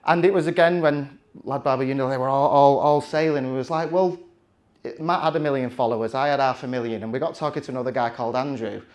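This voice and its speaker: A man's voice: mid-range voice, fast. A man, telling a chatty, self-mocking story from the stage with plenty of restarts. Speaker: conference speaker.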